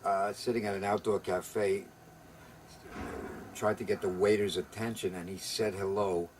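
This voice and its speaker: A man reading his own poem aloud during a casual home interview, with quick, rambling, self-deprecating asides. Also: fairly low pitch, flat delivery, darkish tone, slight background noise, poor audio. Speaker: poet.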